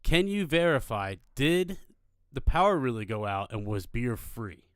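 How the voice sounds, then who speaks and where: Man podcast co-host, animated storyteller, mid pitch, dry. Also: unhurried, smooth, no echo. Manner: animated anecdote-telling, casual cursing.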